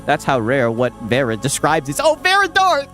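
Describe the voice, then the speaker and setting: Excitable man with big pitch swings. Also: normal speed, music in the background. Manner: excitable, swears often, laughs a lot. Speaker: gaming reaction streamer. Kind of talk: casual reaction commentary.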